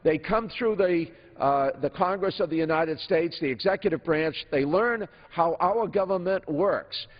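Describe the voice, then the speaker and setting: A man speaking as a legislator in a formal floor debate, earnest and halting with many filler pauses. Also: a little high. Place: large legislative chamber. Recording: dull audio in an echoing chamber.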